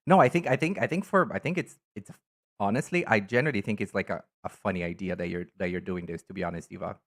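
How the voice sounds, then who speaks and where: A man's voice: lowish voice, quick pace. Campy guy on a live stream, voice swooping all over, chatting with viewers. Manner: campy, animated, greets viewers by name. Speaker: live streamer reading chat. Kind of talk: casual live-stream chat ranking items.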